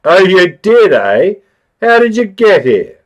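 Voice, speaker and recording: A man's voice: sits high, big pitch swings, slow, pitched above the performer's own voice, heavily acted. A man voicing a severe, brusque magistrate who questions a prisoner in a storybook reading. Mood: stern. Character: stern, brusque male magistrate.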